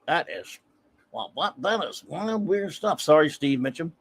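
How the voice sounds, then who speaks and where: A man's voice: fairly high pitch, expressive, measured pace. Rambling, self-deprecating male host. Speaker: host of a comics livestream. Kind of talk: casual chat.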